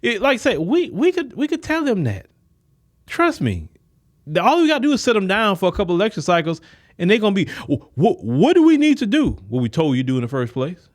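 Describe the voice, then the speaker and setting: A man with delivers a political commentary like a sermon. His voice sits a little high and rises and falls dramatically as he argues. He keeps acting out imagined conversations to drive each point home. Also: big pitch swings, fast. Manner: preachy and emphatic, acts out imagined dialogues. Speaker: podcast host.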